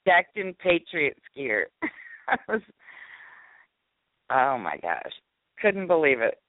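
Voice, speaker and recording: A woman's voice: low-pitched, very animated, slow, dry recording. Giggly woman telling a story by phone. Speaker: caller and co-host. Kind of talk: casual storytelling. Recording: tinny phone line.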